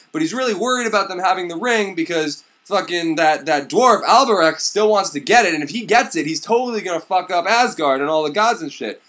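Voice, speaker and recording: A young man retelling a myth as crude, rambling comedy, bursting into excited shouts. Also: high voice. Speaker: comedic storyteller.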